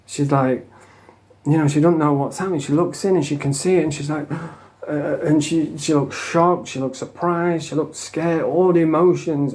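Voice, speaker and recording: Northern english guy ranting and rambling, swears a lot, keeps saying you know what i mean, low mellow voice. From England. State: coming off drugs. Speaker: vlogger. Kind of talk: casual storytelling monologue.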